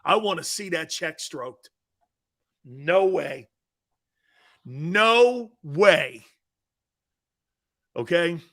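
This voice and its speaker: A middle-aged man hosting a sports talk show, brash and sarcastic, swearing and breaking into shouted outbursts. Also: on the high side, slow, gravelly. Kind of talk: opinionated sports radio talk.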